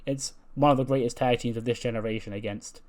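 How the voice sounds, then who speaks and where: Young adult male host, casual game recap, mid-range voice, relaxed and chatty. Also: medium pitch, fast. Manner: relaxed, rambling, loose slang. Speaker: let's-play host.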